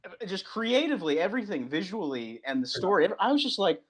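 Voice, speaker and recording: Animated man with a higher voice. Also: fast. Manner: animated, acts out movie lines, restarts often. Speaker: guest comic book creator. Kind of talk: casual interview chat.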